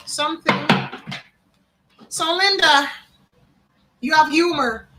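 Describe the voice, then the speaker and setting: A woman's voice: high-pitched, measured pace, heavy background noise. A woman from Jamaica, giving a live psychic card reading and musing aloud, often repeating names and phrases. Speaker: tarot card reader.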